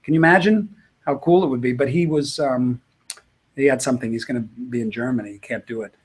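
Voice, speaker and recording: A man's voice: mid-range voice, a little fast, breathy edge. A middle-aged man, a guitarist, answering interview questions in a loose, rambling way with many fillers and restarts. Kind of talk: casual interview talk.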